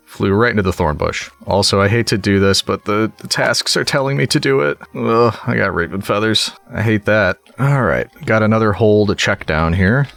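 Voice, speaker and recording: A low-pitched young man chats his way through a survival game, thinking out loud and bantering with the creatures he meets. The close mic sits in a dry room with no echo around his voice. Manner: chatty, talks to animals in a sing-song coo. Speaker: gaming YouTuber. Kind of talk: casual gameplay commentary.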